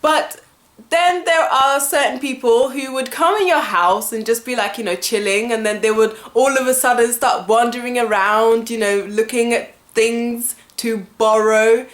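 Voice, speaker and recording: A woman vlogger talks straight to camera in a fairly high voice, venting with animated exasperation and plenty of fillers. The room around her is echoey. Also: normal speed. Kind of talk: casual ranting vlog to camera.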